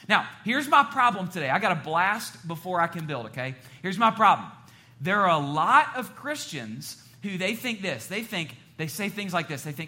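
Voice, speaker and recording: A male pastor in full sermon flow, animated and cracking jokes at his congregation between scripture readings. His voice sits high for a man and rings bright and forceful, preaching in a church. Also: brisk. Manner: animated, joking asides to the congregation.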